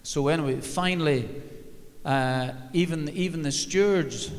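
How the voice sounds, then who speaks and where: A man's voice: on the high side, a little slow. Older man telling anecdotes, wry humour, arena reverb. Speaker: former football manager, guest. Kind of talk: live on-stage storytelling. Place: large arena stage. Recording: long reverb of a big hall.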